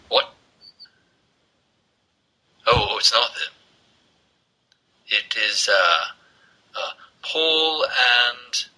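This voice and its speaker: A man's voice: mid-range voice, bright, forceful tone, full character voice, poor audio. A man putting on a bad mock-British impression of a foul-mouthed, pompous prime minister in a prank voicemail. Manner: gruff, rambling, with a mock-British accent.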